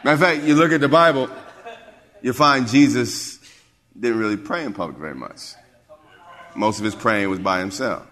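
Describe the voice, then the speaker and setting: A male pastor preaching a sermon, asking the congregation questions and swinging between hushed asides and raised exclamations. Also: mid-range voice, moderate pace, long pauses. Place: church sanctuary. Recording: long hall reverb.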